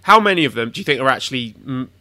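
A man's voice: mid-range voice, lively intonation, racing, bright, forceful tone. A man co-hosting a casual podcast, asking wry questions and chatting about snacks. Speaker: podcast co-host.

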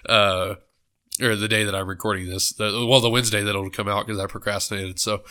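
A man with a low, bright voice hosts a solo book podcast, sounding a little stuffed up. He rambles casually, corrects himself mid-thought and teases with a joke. His tone is loose and conversational. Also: level tone, brisk. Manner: rambling, self-correcting, joking. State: stuffed up nose. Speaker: book club podcast host.

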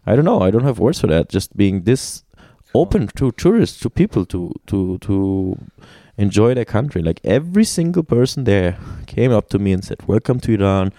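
A man recounts his travels in relaxed conversation. His voice sits very low with a dark, mellow tone. He talks animatedly, restarts often and laughs a lot, and the recording is dry and close. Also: normal speed, no room sound. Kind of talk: casual conversation.

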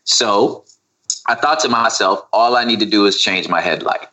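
A man's voice: lowish voice, moderate pace, bright, forceful tone, low-quality recording. A man in casual podcast chat, telling a story with animation and acting out his own frustration. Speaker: podcast guest.

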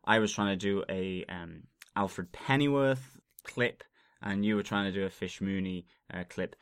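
Podcast guy, lowish voice, chatty with lots of ums, dry mic. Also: normal speed, clean tone, no echo. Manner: chatty, full of ums, laughs easily. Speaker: podcast co-host. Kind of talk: casual podcast intro chat.

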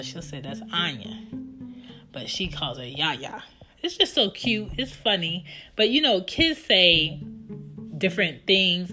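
A woman in her thirties casually telling stories about her children in an animated, chatty way. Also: deep voice. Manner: animated, chatty, acts out her kids' lines. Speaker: mother telling family stories. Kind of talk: casual storytelling. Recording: guitar music playing behind the voice.

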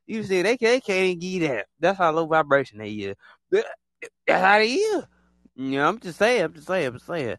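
A man talks on his own in a casual podcast monologue, his voice sitting a bit high and swinging up and down a lot. He repeats his points and jumps into exaggerated impressions of other people. The sound is dry and close, with no room echo. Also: very animated, fairly quick, a bit bright. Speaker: podcast host.

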